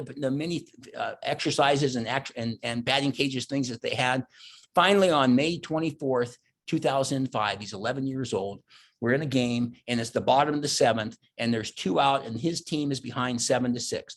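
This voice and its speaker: A middle-aged man giving a motivational keynote, telling personal stories earnestly and growing animated at the high points. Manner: earnest storytelling, animated when reliving moments. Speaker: keynote speaker.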